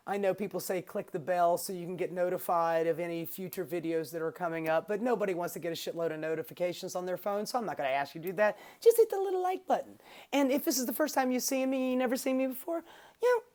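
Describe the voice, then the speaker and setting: A woman's voice: fairly low pitch, quick pace, darkish tone. A woman YouTube commentator ranting casually and profanely about the news.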